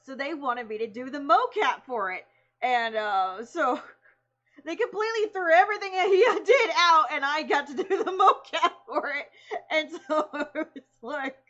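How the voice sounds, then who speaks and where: A woman's voice: sits high, normal speed. Chatty woman streamer, lo-fi sound. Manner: animated, rambling, many fillers. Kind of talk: casual storytelling.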